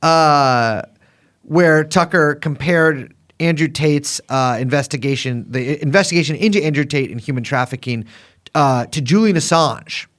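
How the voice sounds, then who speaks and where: A man co-hosting a podcast in casual chat, rambling and animated, with lots of fillers. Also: on the high side, moderate pace. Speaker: podcast co-host.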